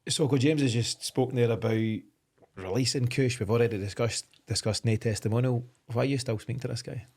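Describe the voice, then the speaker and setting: A man's voice: medium pitch, quick pace, a little mellow. A man hosting a podcast, prompting his guests for stories in an easygoing way. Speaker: podcast host. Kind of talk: interview chat.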